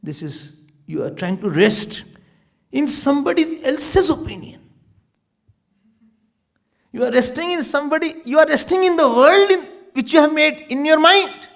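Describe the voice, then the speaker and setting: A man giving a sermon as a spiritual teacher, telling stories in an animated way and laughing often. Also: very high-pitched, normal speed, vocal fry, long pauses. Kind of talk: sermon with storytelling.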